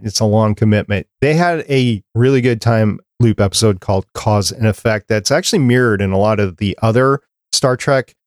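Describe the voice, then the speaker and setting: A man's voice: lowish voice, no room sound, clean studio sound. Chatty man running down a list. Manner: runs through a prepared list, chatty and conversational. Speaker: podcast host. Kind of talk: casual podcast chat.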